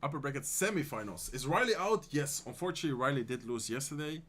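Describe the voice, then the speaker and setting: A man with a Dutch accent commentates a live esports tournament on his stream. His speaking voice sits in a middling register. He moves from quick, excited play-by-play to easygoing replies to his chat. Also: mid-range voice. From Netherlands. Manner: excited fast play-by-play calls that give way to relaxed, soft chat replies.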